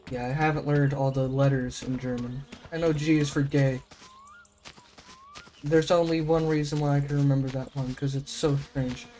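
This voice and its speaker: A young American man talks his way through a live stream, musing aloud and stumbling over foreign words. His voice sits a bit high for a man, and a faint hum of room noise lies under it. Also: a little mellow. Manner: rambling, self-questioning, trying out German words. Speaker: game streamer. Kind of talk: casual live-stream chat.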